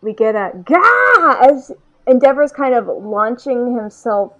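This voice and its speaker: A woman's voice: on the high side, unhurried, mellow, low-quality recording. A woman co-hosting a podcast, chatting casually about a manga chapter and thinking aloud with lots of "like"s. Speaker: podcast co-host.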